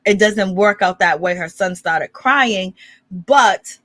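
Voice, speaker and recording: A woman's voice: mid-range voice, slow, a bit bright, no echo. A woman hosting a gossip commentary channel, recapping a clip in a rambling, casual way with lots of fillers.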